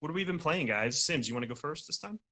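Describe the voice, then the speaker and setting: A man's voice: a little high, expressive, fast talker, bright, forceful tone. A man hosting a casual gaming podcast, leading the talk and explaining things in an easygoing, patient way. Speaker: podcast host. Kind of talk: casual chat.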